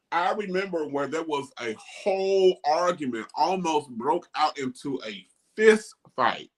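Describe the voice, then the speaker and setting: A man's voice: a little high, takes it slowly. A middle-aged man hosting a casual talk show, speaking emphatically and animatedly. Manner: animated, emphatic, quotes others in mocking voices. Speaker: host. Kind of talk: casual discussion.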